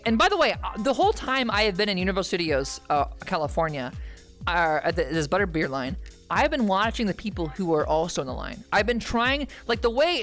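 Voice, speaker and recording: A woman streamer telling a long, rambling story to her chat, with frequent "okay?" asides and sudden loud outbursts. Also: on the low side. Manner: bursts into loud shouting at punchlines.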